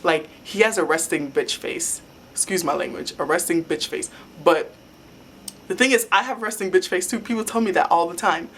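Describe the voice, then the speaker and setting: Rambling, excitable young woman vlogger. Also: lowish voice, normal speed, a little hiss or hum. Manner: rambling and excitable, many "like" fillers. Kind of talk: casual fan storytelling.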